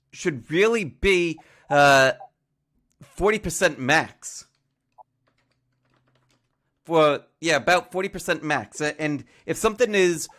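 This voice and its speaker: A man's voice: fairly high pitch, fairly bright tone. A male trading educator explaining chart setups on a casual livestream, talking through examples with homely analogies and frequent fillers.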